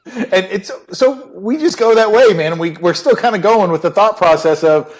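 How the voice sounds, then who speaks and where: Middle-aged ex-detective guest, slightly high voice, relaxed and chatty. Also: male voice, normal speed. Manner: relaxed, chatty, many "right?" and "you know". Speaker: retired police detective guest. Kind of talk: casual storytelling interview.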